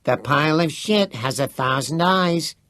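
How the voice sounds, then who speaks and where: A strange, reckless boy who says weird things dead seriously, as a man plays him. His voice is pitched up and sounds a little distant, in a storybook reading. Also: slow, bright, forceful tone, dry recording, clean studio sound, heavily acted. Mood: deadpan. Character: odd, reckless young boy.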